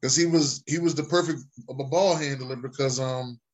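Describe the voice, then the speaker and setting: A man hosting a podcast in casual chat, speaking haltingly with frequent restarts. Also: medium pitch, fairly even intonation. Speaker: host.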